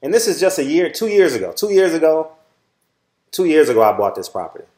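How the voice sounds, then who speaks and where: A blunt, preachy middle-aged man with a Southern Californian accent talks straight to his viewers and swears freely. His voice sits a little high for a man. The room around him rings with echo. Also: big pitch swings, brisk, dark tone. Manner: repeats "all right?" often. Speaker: channel host. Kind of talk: casual monologue to viewers.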